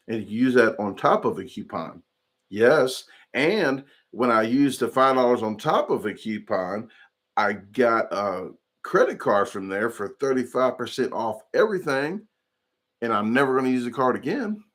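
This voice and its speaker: A man's voice: mid-range voice, lively intonation, normal speed, a bit bright. A man hosting a casual livestream, rambling chattily and reading chat comments aloud. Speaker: livestream host.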